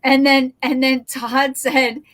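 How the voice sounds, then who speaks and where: A woman hosting a casual online interview, asking soft-spoken, encouraging questions. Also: high-pitched, flat delivery, slow pace. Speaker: host.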